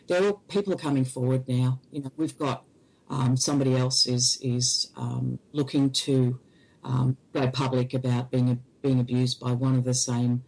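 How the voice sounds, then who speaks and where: A woman, an interview guest, recounting a personal experience in halting, hesitant speech. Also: a bass voice, flat delivery, darkish tone, poor audio.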